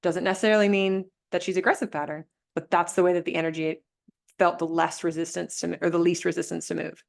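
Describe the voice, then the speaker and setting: A woman coaching a group over a video call, reflective and gentle, often restarting her sentences. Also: on the low side, flat delivery, fast talker, vocal fry. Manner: gentle, reflective, thinks aloud with many restarts. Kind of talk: live online coaching session.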